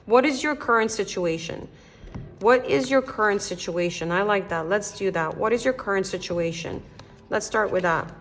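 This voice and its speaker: A young Canadian woman does a casual tarot reading, addressing the viewer directly in a gentle, encouraging tone. She thinks out loud and often restarts her sentences, speaking at normal speed in a mid-range voice.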